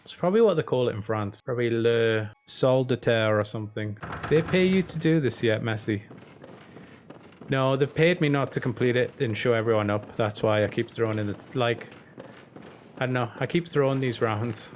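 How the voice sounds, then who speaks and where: A man's voice: medium pitch, moderate pace. Joking man streaming over noise. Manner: rambling, joking, profane. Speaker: game streamer. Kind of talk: casual live-stream chat. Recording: steady background noise.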